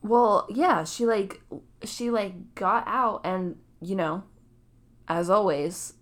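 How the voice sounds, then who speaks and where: A woman co-hosting a podcast in casual chat, easygoing and quick to laugh. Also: mid-range voice. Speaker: podcast co-host.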